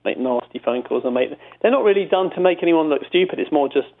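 Over a tinny phone line, a British man, comedy writer and prank caller, rambles through self-amused stories in a casual interview, restarting often. His voice is fairly high, quick-paced, with lively intonation.

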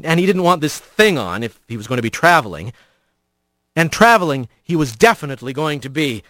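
A male narrator reading a storybook with a high, very lively voice that rises and falls dramatically. The sound is close and dry, with no room around it. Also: dry recording. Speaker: audiobook narrator. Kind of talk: scripted fiction narration.

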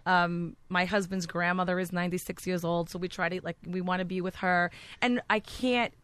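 A woman's voice: lowish voice, steady tone, normal speed, fairly bright tone, smooth. A middle-aged woman from New Jersey with a Jersey accent, chatting as a guest and telling stories with animation. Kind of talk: casual chat.

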